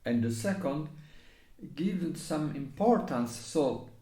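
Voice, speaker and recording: A man's voice: fairly high pitch, animated, slow, very noisy. A man with an Italian accent and non-native English teaching how to phrase a recorder piece, hesitating at times and singing passages on syllables. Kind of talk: music lesson explanation. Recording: echoey room.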